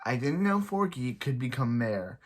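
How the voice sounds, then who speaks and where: A man's voice: medium pitch, sing-song. Rambling young man reviewing a movie. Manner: rambling, repeats and restarts, quotes characters in quick paraphrase.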